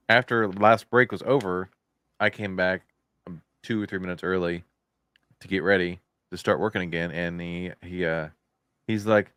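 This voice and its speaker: Male podcast co-host, low voice, casual rambling storyteller, dry studio sound. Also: fairly bright tone, clear, resonant tone, no room sound. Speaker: factory worker. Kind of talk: casual chat.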